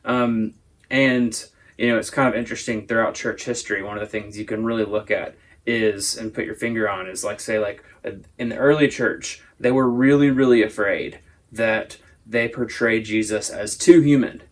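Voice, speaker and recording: A man's voice: fairly low pitch, fairly even intonation, normal speed. A man teaching a Sunday school lesson, explaining at length in a casual, thoughtful way. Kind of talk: casual Bible discussion.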